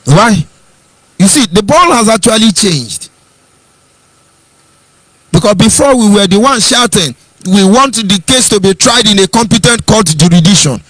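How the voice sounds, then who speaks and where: High-voiced Nigerian man preaching politics. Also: lively intonation, measured pace, long pauses, a bit bright, dry recording. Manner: rhetorical, mocking, preachy. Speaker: political commentator. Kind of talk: impassioned broadcast monologue.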